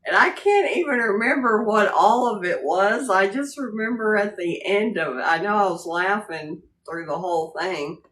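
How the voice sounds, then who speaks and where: A woman's voice: mid-range voice, expressive, moderate pace, a bit bright. A woman hosting a casual livestream, greeting viewers by name and laughing often as she chats. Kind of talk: casual live chat.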